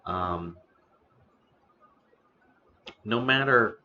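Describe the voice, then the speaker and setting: A man hosting a casual live stream about the history of noodles, talking slowly with many fillers and restarts, eating now and then. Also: on the low side, sharp tone, muffled recording. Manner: eating on stream between remarks. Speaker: streamer host.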